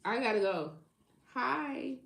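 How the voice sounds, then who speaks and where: A woman's voice: on the high side, animated, takes it slowly, gravelly, fairly bright tone, roomy sound. A woman hosting a tarot livestream, chatting casually with viewers in a teasing, slangy way and laughing often. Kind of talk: casual live chat with viewers.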